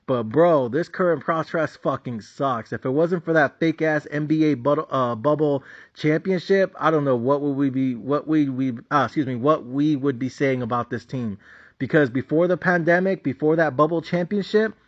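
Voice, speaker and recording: A man giving a blunt, profane, casual rant about basketball as a channel host. His voice sits a bit high, and the recording is dull and lo-fi. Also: moderate pace. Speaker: sports betting channel host. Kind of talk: casual ranting commentary. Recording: dull lo-fi sound.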